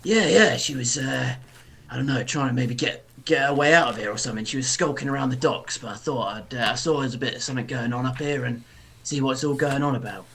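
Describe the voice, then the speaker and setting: A man's voice: medium pitch, fast talker, gravelly, fairly bright tone, breathy edge. A man voicing a swaggering male pirate captain, brash and boisterous, talking to the crew as lads. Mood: jovial. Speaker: player.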